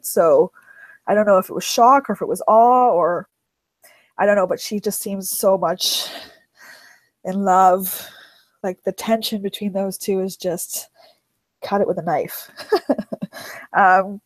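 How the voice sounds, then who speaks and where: Enthusiastic woman host on a video call, medium pitch, dry sound. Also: fairly even intonation, unhurried, long pauses, no echo. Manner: enthusiastic, gushing, laughs between thoughts. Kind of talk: casual live video-call discussion.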